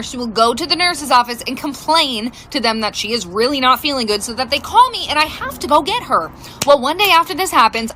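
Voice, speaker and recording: A middle-aged woman telling a casual storytime about her daughter, animated and laughing as she goes. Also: high-pitched, a little hiss or hum.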